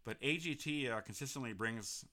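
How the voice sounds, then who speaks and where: A man's voice: mid-range voice, normal speed, sharp tone. A man hosting an interview podcast in a casual, rambling way, full of restarts and fillers. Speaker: podcast host.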